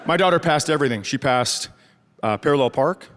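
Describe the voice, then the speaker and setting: On a theater stage before a live audience, a middle-aged Midwestern man performs a sardonic, profane stand-up set, acting out the people in his stories. His voice is fairly high and bright, with lively intonation and a fairly quick pace. The stage microphone carries a little hiss or hum, and the crowd laughs throughout.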